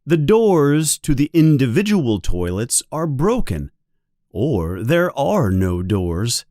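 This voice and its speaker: A man narrating a simple storybook for English learners, slow and careful, with lively rises and falls in his pitch. The recording is close and dry. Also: dry recording. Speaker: audiobook narrator.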